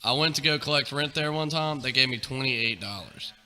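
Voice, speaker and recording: A man's voice: medium pitch, fairly quick, pushed and bright. A young man, telling rambling stories on a podcast, laughing and swearing freely. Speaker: podcast co-host. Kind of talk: casual storytelling chat. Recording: roomy reverb with faint noise.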